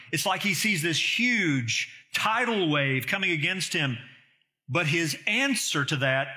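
A man's voice: high voice, pushed and bright. A man preaching a sermon as a pastor, emphatic and full of rhetorical questions.

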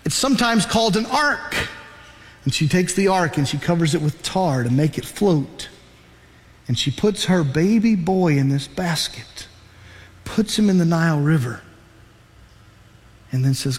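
A man pastor preaching a sermon, telling a Bible story with animated emphasis. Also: on the high side, unhurried, pauses often, big-room sound.

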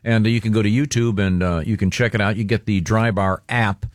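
A man hosting a morning radio show, chatting casually and plugging a cohost's special with halting fillers. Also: on the low side, steady tone, no room sound, studio quality.

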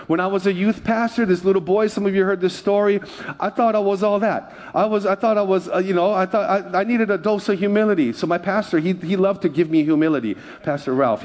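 A male pastor delivers a sermon in a church, his voice sitting a little higher than most men's. He talks in a loose, conversational way, joking with the congregation between his points. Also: darkish tone.

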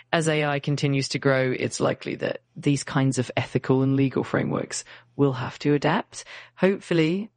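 A text-to-speech woman's voice with an English accent and a bright, clear tone, answering in an agreeable, polished way. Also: low-pitched, dry recording. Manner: agreeable, polished, evenly measured. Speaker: AI voice assistant. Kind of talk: conversational chat.

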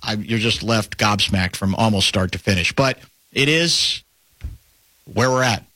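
A man hosting a talk radio show, rambling and animated, often breaking off and restarting his sentences. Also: lowish voice, a little slow, no room sound. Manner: animated, rambling, self-interrupting.

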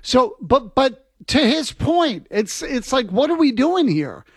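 Co-host, male, very high pitch, animated, dry close mic. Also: takes it slowly, dry recording. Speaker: radio co-host. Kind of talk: sports talk radio.

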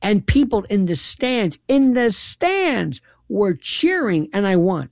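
Lady telling a story, low gravelly voice that swoops all over, dry close sound. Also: takes it slowly, no room sound. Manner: animated, laughing, dramatic quoted voices. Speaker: radio host guest. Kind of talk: casual storytelling chat.

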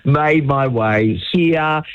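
A man's voice: mid-range voice, drawn-out words, no echo, narrow, tinny audio. A man, a sleep-deprived radio intern chatting casually and apologetically. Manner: laughing, apologetic, easygoing.

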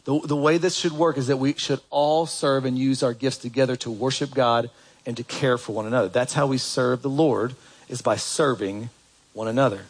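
A man's voice: normal speed, slightly rough. A man preaching a sermon in a conversational way, putting questions to the congregation. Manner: animated, jumps up in pitch for emphasis. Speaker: pastor.

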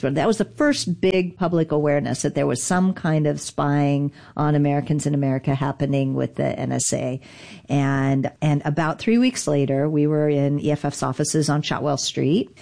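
Casting note: woman with a low voice, animated storyteller who acts out the people she quotes. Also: vocal fry. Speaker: guest, digital rights lawyer. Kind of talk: conversational storytelling interview.

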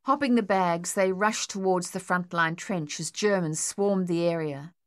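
A woman reads scripted audiobook narration in an even, measured manner, her pitch leaning low.

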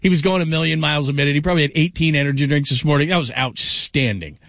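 A man's voice: on the high side, fairly even intonation, very fast, gravelly, no echo. Enthusiastic male radio host. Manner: enthusiastic, laughing, loose delivery. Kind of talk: national talk show hosting.

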